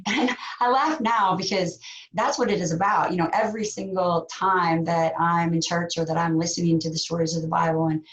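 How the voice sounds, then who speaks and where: A woman guest in an interview, speaking heartfelt and reflective, with pauses and fillers. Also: on the low side, steady tone, lo-fi sound. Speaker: actress guest. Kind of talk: interview conversation.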